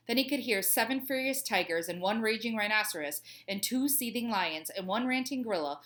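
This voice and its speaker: A woman's voice: mid-range voice, a bit bright. A woman, a teacher, reading a children's book aloud in a cheerful, chatty way.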